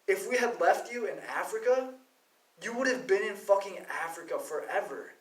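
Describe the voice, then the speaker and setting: A man delivering a profane, rambling, heated rant as a vlogger monologue. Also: high-pitched. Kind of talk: ranting monologue. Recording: roomy, distant from the mic.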